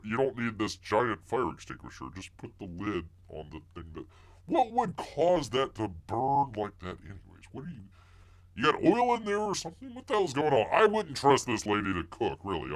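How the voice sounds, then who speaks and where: A man's voice: lowish voice, a bit bright. Joking, rambling man hosting a live stream. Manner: joking, rambling, reads chat messages aloud. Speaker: livestream host. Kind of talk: casual live-stream chat.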